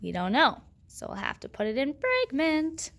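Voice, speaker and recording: A woman's voice: high-pitched, wildly swooping pitch, normal speed, creaky, a bit bright. A woman teaching a grammar lesson, patiently asking questions and answering them herself.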